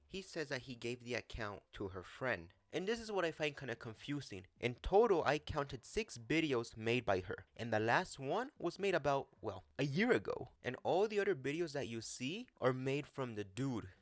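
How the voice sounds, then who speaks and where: A man's voice: medium pitch, no echo. A man hosting a casual commentary vlog, speaking bluntly and swearing now and then. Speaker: commentary channel host.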